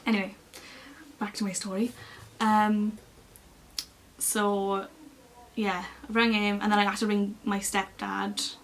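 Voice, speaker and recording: A woman's voice: mid-range voice, slow pace, a little hiss or hum. Chatty young woman telling a story. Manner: chatty and expressive, acting out other people's lines. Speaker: beauty vlogger. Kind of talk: casual storytelling to camera.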